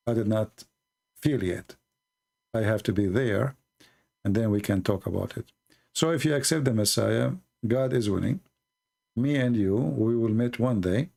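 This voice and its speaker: A man hosting a live call-in stream, earnestly explaining religious ideas with pauses and fillers. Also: medium pitch, gravelly, a little mellow.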